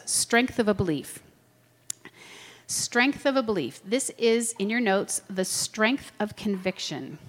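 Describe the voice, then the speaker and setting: A middle-aged woman teaching a class, lively and chatty, often checking that her listeners follow. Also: mid-range voice. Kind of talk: classroom lecture with personal anecdotes. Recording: long hall reverb.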